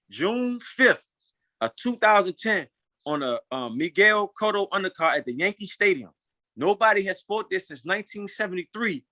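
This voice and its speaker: A man's voice: high voice, sharp tone, dry recording. A man in his thirties telling his story in an interview, emphatic and frustrated, repeating phrases and swearing at times. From United States. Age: 30s. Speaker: interview guest.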